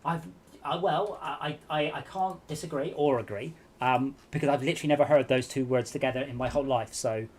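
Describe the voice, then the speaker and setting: A man's voice: mid-range voice, a little fast. Man rambling through anecdotes. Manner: rambling anecdotes with many restarts. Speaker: stream host. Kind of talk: casual chat.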